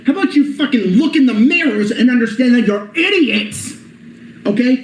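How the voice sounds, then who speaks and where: A man's voice: very high-pitched, lively intonation, normal speed, roomy sound, a little hiss or hum, poor audio. A young man hosting his channel, ranting furiously about political commentators and cursing nonstop. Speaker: channel host. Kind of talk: profane political rant.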